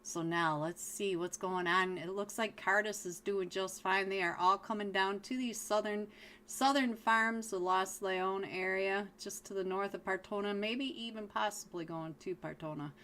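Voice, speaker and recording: Bright-voiced woman casting a live esports match. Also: medium pitch, fairly even intonation, normal speed. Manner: chatty and playful, laughs often, talks to chat. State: hoarse. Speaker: esports caster and streamer. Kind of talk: live game commentary.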